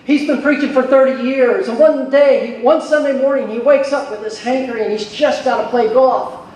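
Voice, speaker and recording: A man emceeing on a convention stage, telling jokes and introducing speakers in a folksy, animated way. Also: very high-pitched, normal speed. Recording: echoey hall from far off.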